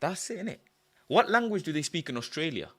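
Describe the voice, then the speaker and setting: A young man hosting a casual livestream, thinking out loud in an animated way and breaking into loud shouts. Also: a little high, brisk, no echo. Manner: animated, musing aloud, loud shouted bursts. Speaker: livestream host.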